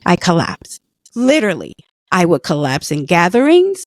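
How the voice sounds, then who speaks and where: A woman's voice: on the low side, wildly swooping pitch, normal speed, dry recording. Middle-aged woman, earnest personal storytelling, emotional, dry close sound. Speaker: guest, former patient.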